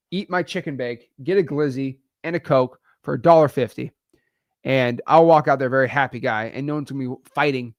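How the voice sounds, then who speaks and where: A man from Florida with a fairly high voice teaches a wholesaling course on a clean studio recording with no room sound. It's a casual, joking lesson to camera, peppered with "okay" and "all right."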